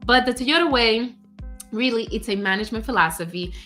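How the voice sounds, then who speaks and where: A woman career coach giving casual advice, animated, acting out example phrases and laughing often. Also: on the high side, fairly quick, faint music behind. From United States.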